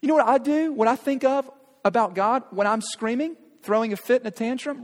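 A pastor in his thirties preaches in a fairly high voice, and his words hang in the long reverb of a big church sanctuary. He speaks to the congregation directly and earnestly, pressing them with question after question. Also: fairly quick. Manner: earnest, urging, direct address with rhetorical questions. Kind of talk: sermon.

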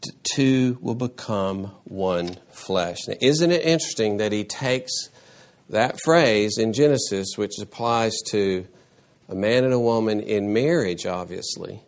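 A man preaching a sermon as pastor, animated, repeating words and restarting phrases, with sudden rises into a high voice for emphasis. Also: measured pace.

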